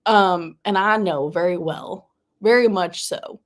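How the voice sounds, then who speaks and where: A woman's voice: lowish voice, a little slow. A young woman with a Southern US accent, chatting in a bubbly, casual way with viewers during a live reading stream at home. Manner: bubbly and chatty, answers her chat. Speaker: booktuber hosting a live reading sprint. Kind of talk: casual livestream chat.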